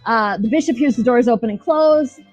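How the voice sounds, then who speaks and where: A woman's voice: fairly high pitch, brisk, a little mellow. A woman co-hosting a podcast, chatting casually about a show in a rambling, profane way, laughing as she retells scenes. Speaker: podcast co-host. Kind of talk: casual chat reviewing a show. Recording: dull lo-fi sound with faint music.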